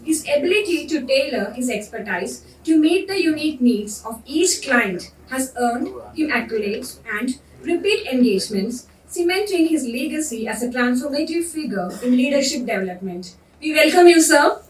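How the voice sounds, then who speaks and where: Woman host, formal scripted introduction, high voice, distant mic. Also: animated, normal speed, hardly any pauses. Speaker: event host introducing the speaker. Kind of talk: read introduction. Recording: echoey hall, voice from far off.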